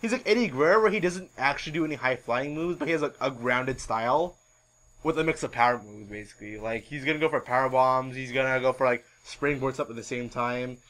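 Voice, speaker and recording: A man hosting a podcast in casual chat, rambling and animated with many filler words. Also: mid-range voice, fast, low-quality recording. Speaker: podcast host.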